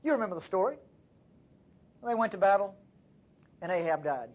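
A male preacher tells a story in a conversational, animated sermon. His husky voice swings widely up and down in pitch. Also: moderate pace.

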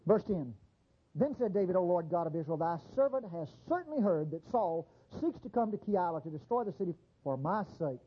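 On a dull, lo-fi recording, a male pastor preaches with husky, somewhat breathy delivery. He keeps it conversational and animated, acting out quick little voices while his pitch swings widely.

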